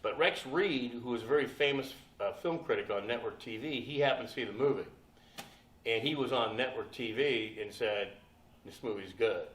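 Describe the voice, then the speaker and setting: An older man telling stories on a convention panel, profane and animated, often laughing as he talks. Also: medium pitch, normal speed, a little hiss or hum. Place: convention hall. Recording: echoey hall, from far off.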